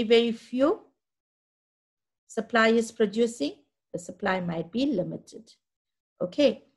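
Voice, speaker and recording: A woman's voice: mid-range voice, gravelly, husky. A woman teaching a school lesson, patiently walking learners through graphs and checking that they follow. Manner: patient, checks understanding often. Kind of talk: classroom lesson explaining graphs.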